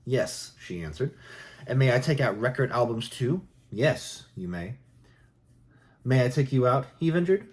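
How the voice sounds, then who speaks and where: A man reading jokes aloud in a soft, unhurried ASMR style. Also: medium pitch, very animated. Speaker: joke reader.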